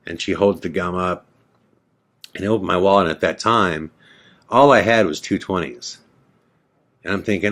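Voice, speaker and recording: A man with a deep, low voice telling a personal story on a podcast in loose, casual talk. He acts out what he said back then and swears now and then. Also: normal speed, long pauses. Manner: animated storyteller, acts out his own past lines, swears casually.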